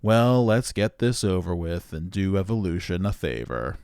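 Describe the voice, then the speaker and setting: A man voicing a smug male android who talks down to humans in a slow, drawn-out, patronizing manner. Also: low-pitched, sing-song, darkish tone, smooth, no room sound. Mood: condescending.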